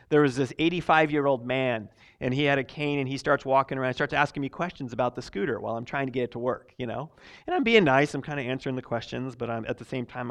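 A man preaching a sermon, loud and emphatic on his main points and quiet when he tells personal stories, with frequent laughs. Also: mid-range voice. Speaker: pastor.

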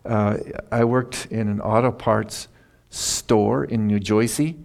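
Older male preacher, low-ish gravelly voice, folksy sermon style, reads King James verses aloud. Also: slow, a little mellow. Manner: conversational Bible teaching with personal stories.

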